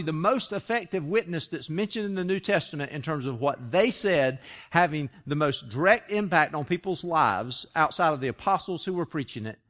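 A man's voice: fairly high pitch, expressive, moderate pace, few pauses, a bit bright. Man preaching, conversational and emphatic. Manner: conversational storytelling, rising to emphatic repetition; frequent restarts and stammers. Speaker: pastor. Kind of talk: sermon.

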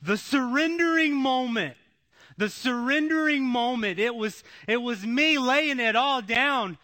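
A man giving an emotional testimony sermon, repeating phrases and swinging between loud, pleading passages and hushed ones. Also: very high voice, unhurried.

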